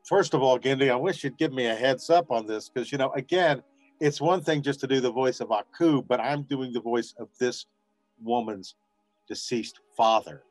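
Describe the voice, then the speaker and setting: A man's voice: medium pitch, normal speed, dry recording, soft background music. A man, a voice actor guest on an interview, telling stories casually and acting out what people said. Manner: animated storyteller acting out quotes.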